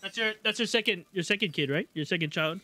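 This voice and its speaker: A man streaming a video game live, excitable, swearing a lot and joking with chat. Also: high-pitched, fast talker. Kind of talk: live gameplay commentary.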